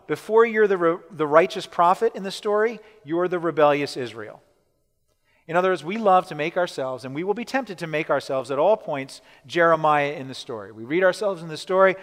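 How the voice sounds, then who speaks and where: A man preaching a sermon, emphatic, repeating his key points and slowing down to stress them, often checking in with the listeners. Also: fairly high pitch. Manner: asks the listeners questions. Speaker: pastor. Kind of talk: sermon teaching. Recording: long hall reverb.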